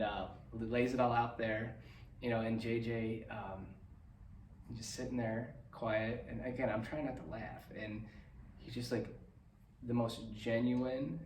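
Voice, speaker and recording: A man's voice: medium pitch, darkish tone, a little hiss or hum. Man, podcast host, rambling storyteller; distant mic in an echoey room. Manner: rambling storyteller, laughs often. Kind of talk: casual chat.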